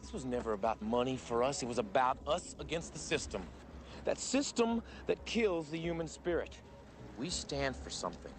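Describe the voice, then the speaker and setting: An actor playing a charismatic surfer gang leader, giving an impassioned, declamatory speech in a film clip. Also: male voice, medium pitch, big pitch swings, moderate pace, lightly acted. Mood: defiant. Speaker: film character delivering a speech. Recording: film clip with music behind.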